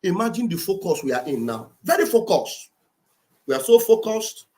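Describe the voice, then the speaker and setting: A woman's voice: medium pitch, sing-song, normal speed. Fiery Nigerian Igbo woman host. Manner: fiery and rhetorical, rising to shouts, keeps asking "eh?". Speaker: livestream host. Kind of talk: impassioned political commentary.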